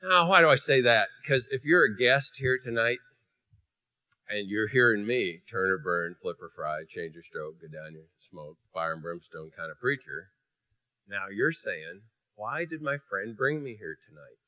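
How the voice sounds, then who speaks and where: A fairly low-voiced preacher speaks at a measured pace, and the recording is dry, narrow and tinny. He tells a humorous story, animatedly acting out its characters' voices and moving from hushed tones to loud ones.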